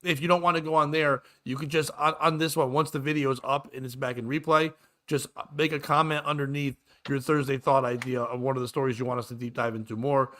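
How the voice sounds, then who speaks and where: A man's voice: mid-range voice, fairly even intonation, quick pace, sharp tone. A man hosting a casual comedy morning show, telling rambling stories full of stammers and restarts. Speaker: podcast host.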